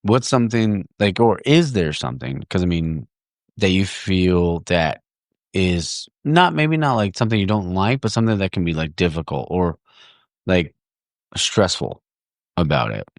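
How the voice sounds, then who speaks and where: A man's voice: sits low, sing-song, a little slow, no room sound, studio quality. A man hosting a podcast in casual chat, laid-back and rambling with lots of fillers. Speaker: podcast host.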